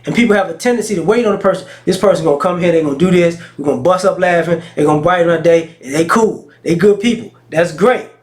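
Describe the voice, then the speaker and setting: High-voiced man, frank slangy storyteller. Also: fast, few pauses. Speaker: vlogger. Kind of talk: casual talking-head monologue.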